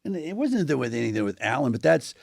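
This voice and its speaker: A man in his sixties, a guest telling animated anecdotes in an interview, often restarting his sentences. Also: medium pitch, fast, creaky, no echo, clean studio sound. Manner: animated storyteller with many restarts. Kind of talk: interview storytelling.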